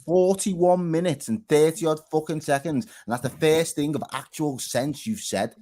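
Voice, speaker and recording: A man's voice: on the high side, fairly even intonation, normal speed, crowd noise. Teasing, mock-threatening man. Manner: mock-threatening banter, swears. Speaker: podcast panelist. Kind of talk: casual football chat.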